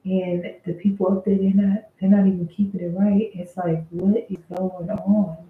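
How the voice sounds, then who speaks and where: A woman's voice: medium pitch, little pitch movement, normal speed, echoey room. Aggrieved woman venting, thin phone-like sound. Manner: venting, aggrieved, conversational with swearing. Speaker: vlogger telling a workplace story. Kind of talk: casual storytime monologue.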